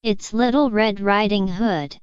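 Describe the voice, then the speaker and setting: A woman's voice: medium pitch, measured pace, clear, resonant tone, dry recording, lo-fi sound, close to an everyday voice. A woman playing an innocent little girl. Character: young girl, polite and innocent.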